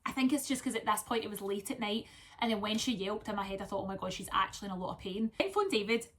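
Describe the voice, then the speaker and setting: Bright-voiced chatty Scottish woman. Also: mid-range voice, lively intonation, fast, a little hiss or hum. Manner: chatty, rambling storytelling with asides. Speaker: vlogger. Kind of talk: casual chat while wrapping gifts.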